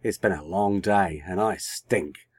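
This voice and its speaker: A man's voice: low-pitched, measured pace, slightly rough. A man putting on a blunt young woman.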